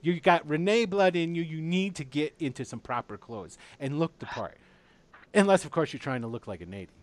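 Man putting on a doting high-voiced noble mom. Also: animated, brisk, natural voice. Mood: scolding. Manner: doting, scolding, high-pitched. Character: glamorous fussy noble mother, woman in her fifties.

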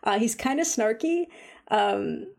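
A woman chatting casually about a game she has been playing, full of "like" and "um", animated when she retells her own reactions. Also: on the high side, takes it slowly, gravelly. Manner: chatty, lots of fillers like "like" and "um". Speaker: video game reviewer. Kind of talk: casual chat.

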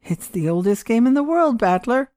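A woman reading aloud voices a mysterious old man with a white beard, speaking quietly, unhurried and cryptic. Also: fairly high pitch, very animated, no echo, studio quality, pitched above the performer's own voice. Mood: calm cryptic.

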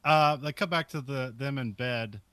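A man's voice: medium pitch, moderate pace, heavy background noise. A man co-hosting a podcast, casually recapping film scenes and chuckling often. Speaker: podcast co-host.

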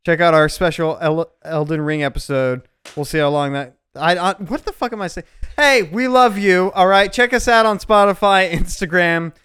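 High, clear-voiced male podcast host. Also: moderate pace, hardly any pauses, a bit bright. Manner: loose, laughing, profane. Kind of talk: casual podcast chat.

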